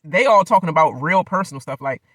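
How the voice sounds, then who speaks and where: A man's voice: on the high side, expressive, fast, fairly bright tone, no room sound. A man giving a loose, rambling recap of a reality show in casual slang, laughing often.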